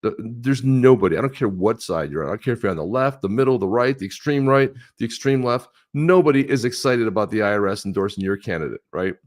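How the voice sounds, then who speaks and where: A man's voice: on the low side, expressive, quick pace, few pauses. A man in his sixties co-hosting a livestream, telling rambling stories in casual chat. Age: 60s. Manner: rambling, storytelling, laughs often. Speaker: livestream co-host.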